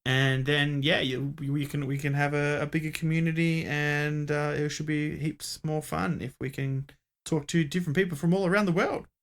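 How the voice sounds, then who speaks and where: A man's voice: fairly high pitch, little pitch movement, normal speed. A man with an Australian accent, co-hosting, rambling in a laid-back way and swearing freely. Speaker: podcast co-host. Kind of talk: casual podcast outro chat.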